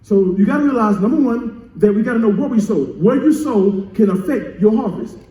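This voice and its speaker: High-voiced man preaching call-and-response. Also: animated, a little fast, distant mic. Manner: call-and-response preaching, repeats key phrases; surges from soft teaching to shouted emphasis. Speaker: pastor. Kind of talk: sermon. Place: church sanctuary. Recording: echoey church room.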